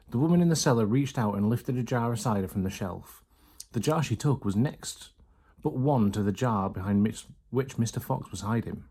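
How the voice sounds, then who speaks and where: A man reading a children's storybook aloud in a steady, even storytelling manner. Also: medium pitch, moderate pace, slightly rough. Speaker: reader.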